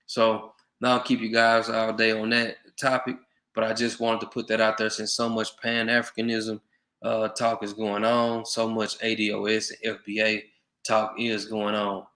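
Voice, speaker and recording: Man with a bright, even voice, roomy. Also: lowish voice, normal speed. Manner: earnest, advising viewers directly. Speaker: vlogger. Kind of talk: casual monologue to viewers. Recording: roomy echo.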